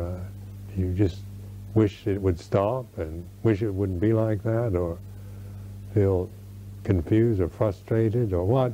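An older American man, a Buddhist monk, giving a slow Dharma talk at a retreat, searching for words with many restarts. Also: lowish voice, warm tone, a little hiss or hum. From United States. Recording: dull lo-fi 1991 recording.

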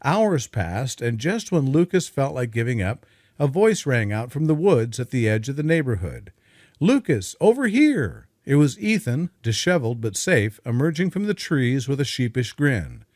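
Man narrating dramatic story, very animated pitch, dead dry recording. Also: normal speed, no echo.

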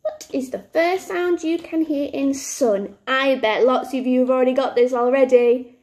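A woman teaching a phonics lesson to young children, slow and encouraging, with sing-song praise. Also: high voice, a little mellow. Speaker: primary school teacher.

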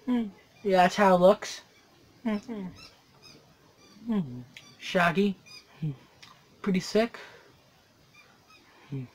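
A teenage boy with a fairly high voice unboxes a collectible on his vlog. He curses nonstop and rants with anger, then fills the pauses with low hums. There is a faint hiss behind him. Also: animated. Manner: profane angry ranting; mumbled hums between remarks. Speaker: toy collector vlogger.

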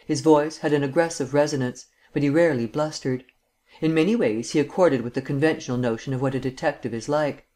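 Male audiobook narrator, steady literary reading, classic mystery. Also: on the high side, fairly quick.

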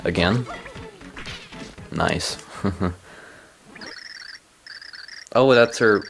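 A man's voice: lowish voice, extremely slow, creaky, fairly bright tone, faint music behind. A man casually commenting on a video game as he plays, joking around and reading the game text aloud. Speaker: let's play host.

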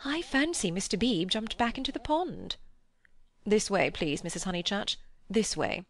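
A woman voicing a stiff young gentleman in an audiobook who gives curt commands. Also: mid-range voice, big pitch swings, moderate pace.

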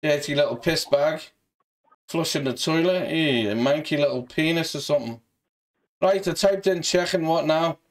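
A man's voice: on the high side, moderate pace. Brash sweary Scouse man. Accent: Liverpool (Scouse). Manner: brash, sweary, mock-tough. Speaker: scambaiter. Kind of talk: prank call.

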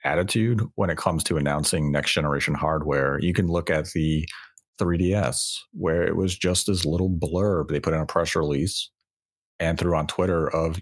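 Deep husky guy hosting a podcast, talks it through step by step, pretty analytical. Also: steady tone, normal speed. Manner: analytical, explains at length. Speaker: podcast host. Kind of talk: casual podcast discussion.

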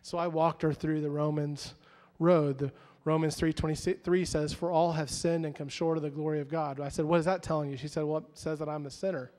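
A male pastor with a high voice delivers a sermon in a church sanctuary. His words ring out with a long hall reverb, and he slips into the voices of the people he quotes, building in intensity as he goes. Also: level tone, a little fast, a little mellow. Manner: preaching with rising intensity, acting out quoted voices.

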